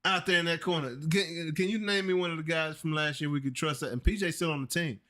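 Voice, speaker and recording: A man co-hosting a casual sports talk show, talking in an excited, emphatic, folksy way. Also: fairly high pitch, fast talker. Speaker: co-host.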